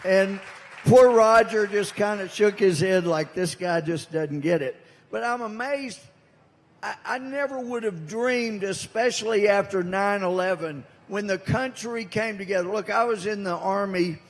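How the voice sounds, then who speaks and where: A man's voice: high-pitched, unhurried. Older Southern man speechifying in a reverberant hall. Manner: folksy, anecdotal storytelling with emphatic punchlines. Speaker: congressman giving a speech. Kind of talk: speech to a live audience.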